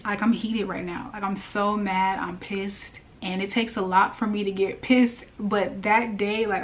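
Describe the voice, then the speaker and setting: A woman giving a casual spiritual message, telling a personal story in a chatty way with lots of fillers. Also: medium pitch. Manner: chatty, animated, many fillers and laughs. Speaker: spiritual reader.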